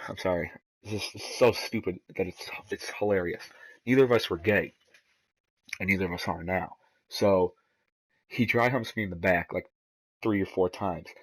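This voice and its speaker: A man's voice: lowish voice, poor audio. A man telling a rambling, profane story in casual commentary over gameplay, laughing at himself as he goes.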